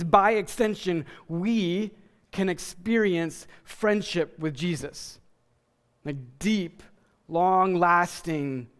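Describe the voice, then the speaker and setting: High-voiced pastor preaching in a hall. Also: male voice. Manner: emphatic, with frequent restarts. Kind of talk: sermon. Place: church sanctuary. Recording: church hall reverb.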